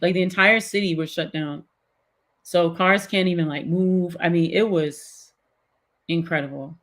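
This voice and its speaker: A middle-aged woman, a guest, animatedly recounting a personal story in casual chat with many fillers. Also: on the low side. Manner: animated, filler-heavy retelling.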